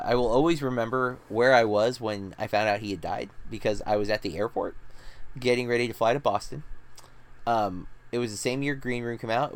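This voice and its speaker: A man talking casually as a movie review host, his pitch sitting in an ordinary middle range. He rambles along easily, stacking "like" and false starts as he goes from one film to the next. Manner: rambling, chatty, full of "like" and restarts. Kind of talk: casual chat.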